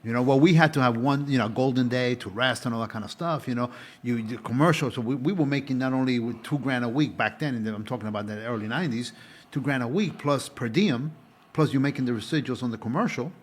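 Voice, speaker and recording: A man's voice: medium pitch, quick pace, husky. A middle-aged man, a former stage actor, talking as a guest in a rambling, casual chat. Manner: rambling, with restarts.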